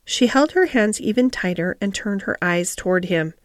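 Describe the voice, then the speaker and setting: A woman narrating an audiobook of a classic story in a calm, measured reading style. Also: medium pitch, dry recording, studio quality.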